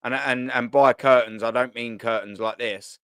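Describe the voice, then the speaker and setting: Rambling host, dry close sound. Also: male voice, mid-range voice, fairly even intonation, moderate pace, a bit bright, smooth, dry recording. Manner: rambling, jokey, swears, repeats himself. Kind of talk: casual football chat.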